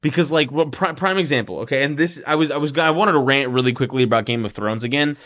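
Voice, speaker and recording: A man's voice: medium pitch, fast talker, fairly bright tone, muffled recording. A man giving a casual, rambling film review rant, leaning on "like" and "right?" and swearing now and then.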